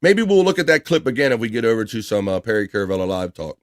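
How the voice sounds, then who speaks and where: A man's voice: on the low side, big pitch swings, fast. A man hosting a casual livestream, reading viewer messages aloud in a loose, chatty way. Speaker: livestream host reading chat. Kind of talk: casual chat.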